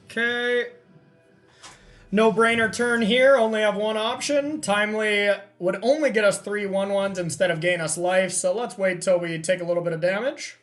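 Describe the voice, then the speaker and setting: A man hosting a card game session, thinking aloud as he counts and checks his plays in relaxed, self-amused commentary. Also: high voice, normal speed, faint music behind. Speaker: host playing a card game. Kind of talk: casual gameplay commentary.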